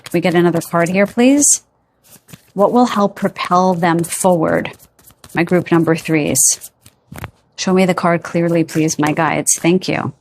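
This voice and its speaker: A woman's voice: on the low side, slight background noise. Chatty woman giving a tarot reading. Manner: chatty, peppers talk with "okay?" and "right?"; rambling with playful filler sounds. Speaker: tarot card reader. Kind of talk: casual pick-a-card tarot reading.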